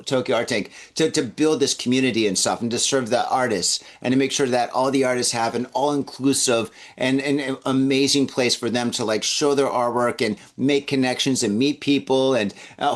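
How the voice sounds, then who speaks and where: A man hosting a casual podcast, talking in an enthusiastic, rambling way with lots of fillers. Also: medium pitch. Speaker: podcast host. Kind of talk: casual chat.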